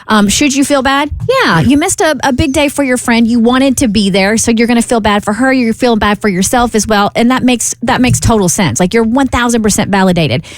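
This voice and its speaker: A woman's voice: fairly high pitch, brisk, no room sound. A woman co-hosting a radio talk show, reassuring a colleague in a validating, talk-it-through way. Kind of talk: casual chat.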